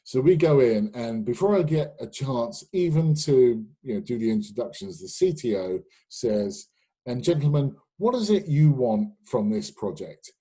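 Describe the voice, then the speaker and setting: A man's voice: mid-range voice, expressive, normal speed, warm tone, husky, rough recording. A middle-aged British man hosting a sales webinar, chatty and anecdotal, with many fillers and restarts. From United Kingdom. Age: middle-aged or older. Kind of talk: live webinar talk. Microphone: webinar microphone.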